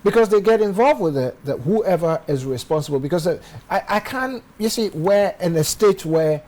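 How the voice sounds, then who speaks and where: A man's voice: sits high, animated, moderate pace, a little mellow, low-quality recording. A man with a Ghanaian English accent hosting a studio interview, probing and cutting in with questions. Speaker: show host.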